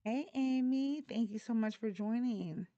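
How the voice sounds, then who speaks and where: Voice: medium pitch, a little slow, warm tone, no room sound, dull audio. A live call-in show host arguing politics with callers in a blunt, mocking, combative way. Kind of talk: heated live call-in debate.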